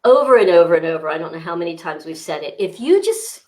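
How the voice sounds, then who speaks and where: A woman's voice: fairly low pitch, big pitch swings, quick pace, darkish tone. A woman co-hosting a casual fitness livestream, upbeat and greeting viewers by name.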